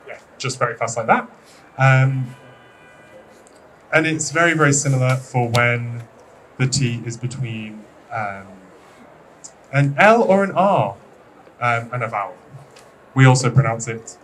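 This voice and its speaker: A British man leads a classroom lesson in a loose, chatty way, hesitating with frequent ums and playfully teasing the class. He sits at a middling pitch and sounds set back from the mic, with clear room noise behind him. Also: recorded from a distance, rough recording. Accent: British English. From Britain. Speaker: English teacher.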